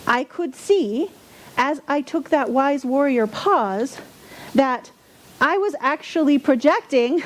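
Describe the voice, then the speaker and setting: A woman's voice: sits high, darkish tone. A woman giving a sermon as a spiritual speaker, candid and self-deprecating, sometimes mocking her own angry outbursts.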